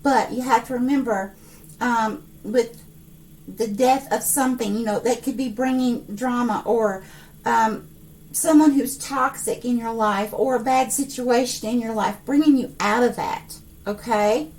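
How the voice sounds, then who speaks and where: A woman giving a monthly tarot reading to her viewers, excitable, filling her talk with fillers and pausing to address a spirit. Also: fairly high pitch, far from the mic. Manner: excitable, breathless outbursts, many fillers; speaks to an unseen spirit. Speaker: psychic tarot reader.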